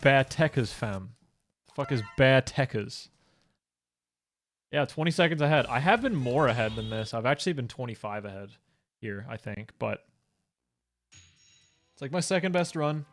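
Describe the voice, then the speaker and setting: Young male streamer at mid pitch, casual and profane with faint game music behind him. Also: expressive, normal speed, long pauses, a bit bright. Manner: casual, profane, chatty with viewers. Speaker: speedrunner streaming. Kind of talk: live gaming stream chat.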